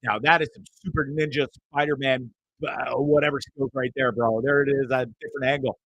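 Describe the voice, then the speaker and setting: A man's voice: mid-range voice, fairly even intonation, brisk, dry recording, lo-fi sound. A man hosting a show, casually commenting on videos with frequent swearing, stammered repeats and laughter. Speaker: show host.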